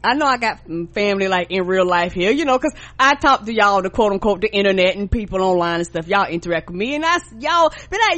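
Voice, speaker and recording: A woman from the South, co-hosting a podcast in casual chat and acting out quotes with big pitch jumps. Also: lively intonation, brisk, a bit bright. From American South. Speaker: podcast co-host.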